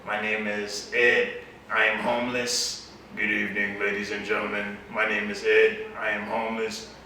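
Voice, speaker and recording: A man imitating a blind homeless man begging on a train, repeating a formal greeting in a slow, ever deeper drone. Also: completely flat delivery, sharp tone, very echoey, far from the mic, a little hiss or hum. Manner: slow, formal, repetitive sing-song pitch.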